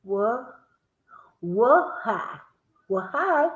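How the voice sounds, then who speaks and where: A woman's voice: sits high, sing-song, drawn-out words, a little mellow. A woman with a Southern American accent hosting a playful word game with friends, teasing and laughing often as she drags out her words. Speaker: host. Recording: echoey room, dull lo-fi sound.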